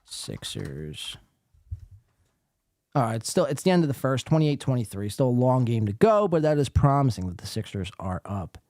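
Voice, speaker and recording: A man's voice: mid-range voice, sing-song, fast talker, hardly any pauses, a little mellow, no room sound. A man from the East Coast hosting a podcast, reacting sarcastically to a livestream and reading chat aloud with plenty of swearing. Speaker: podcast host. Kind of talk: casual commentary on a livestream.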